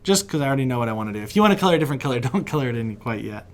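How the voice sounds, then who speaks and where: This man from West Virginia leads a children's drawing lesson as he sketches, racing along in a mid-range voice with big swings in pitch. He's friendly and encouraging, chatting freely and laughing a lot.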